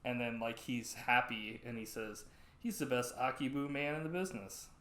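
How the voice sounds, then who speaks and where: A man in a casual podcast chat, retelling comedy sketches in a rambling, animated way. His voice sits at a middling pitch. The room around him is echoey. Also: moderate pace. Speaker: podcast co-host. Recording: roomy echo.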